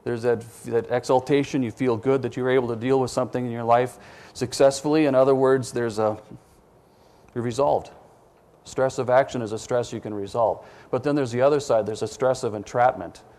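Male preacher, gravelly, conversational sermon delivery that quizzes the congregation with questions. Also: mid-range voice, fairly even intonation, brisk, a little mellow. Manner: self-deprecating asides.

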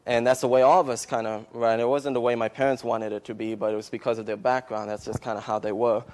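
A man, a missionary, speaking at a church service, giving an emotional testimony and then starting a sermon, halting with many fillers and restarts. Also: medium pitch, level tone, a little mellow.

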